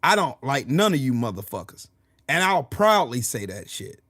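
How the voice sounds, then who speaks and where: A male livestream host answers chat comments during a heated political rant, swearing and repeating himself. His medium-pitched, fairly bright voice moves at normal speed with big pitch swings. The audio is dry and studio quality.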